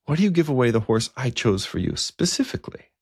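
A man's voice: medium pitch, sing-song, fast talker, a little mellow, slightly rough, no echo, studio quality, pitched above the performer's own voice. A man voicing a humble, earnest Anglo-Saxon king who asks pleading questions, his voice raised above his own. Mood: puzzled.

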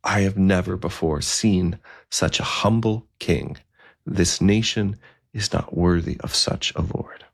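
A man voicing a gentle, devout old bishop who speaks calmly and solemnly, within a spoken story. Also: low voice, measured pace, creaky, no room sound, studio quality, heavily acted. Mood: sorrowful. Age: older.

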